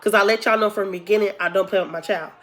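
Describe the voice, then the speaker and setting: A young woman vlogger telling a casual storytime, animated and acting out the people she quotes. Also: mid-range voice, rapid-fire.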